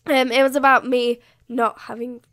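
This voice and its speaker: A young woman rambling through a casual game voiceover, self-mocking and laughing often, her voice a little hoarse. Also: a little high, little pitch movement, normal speed, fairly bright tone. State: voice slightly hoarse. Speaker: gaming YouTuber.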